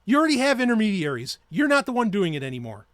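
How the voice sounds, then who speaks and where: A man's voice: high voice, huge pitch swings, rapid-fire, fairly bright tone, no echo, studio quality. A man hosting his own podcast, ranting in a heated, profane and sarcastic way. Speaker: podcast host. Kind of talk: ranting solo podcast talk.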